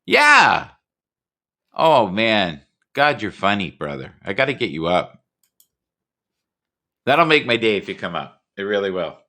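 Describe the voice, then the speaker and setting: Animated, bright-voiced man hosting a livestream. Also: fairly low pitch, normal speed, pauses often. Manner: rambling, animated, jokey. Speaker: livestream host. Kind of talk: casual livestream chat. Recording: home computer mic.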